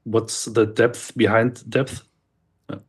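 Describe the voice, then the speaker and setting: A man with a husky, low-pitched voice muses hesitantly. He circles back and restarts as he feels for his words. The tone stays thoughtful and unhurried. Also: flat delivery. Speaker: podcast guest. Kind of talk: casual discussion.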